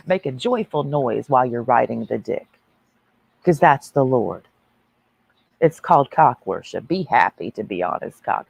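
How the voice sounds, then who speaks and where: A woman's voice: rumbling low, big pitch swings, measured pace, vocal fry, slightly rough, no echo, low-quality recording. A woman ranting on a livestream in a brash, mocking, preachy way.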